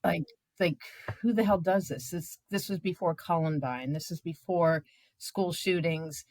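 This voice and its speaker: Woman in her fifties, journalist guest; lowish voice, dry close sound, animated and emotional storytelling, lots of "you know". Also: unhurried, no room sound. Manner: animated, emotional, many filler words. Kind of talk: candid conversational storytelling.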